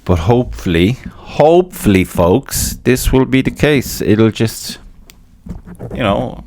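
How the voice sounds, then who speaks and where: A man's voice: medium pitch, slow pace, darkish tone, no echo. An Irish man hosting a podcast in a casual, rambling monologue, swearing a lot and laughing at himself. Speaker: podcast host.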